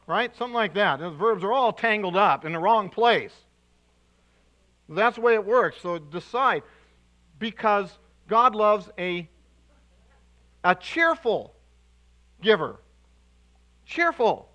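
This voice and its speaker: A male pastor preaching a sermon to his congregation, animated and emphatic, with restarts and sudden loud bursts. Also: sits high, moderate pace, low-quality recording. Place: church sanctuary.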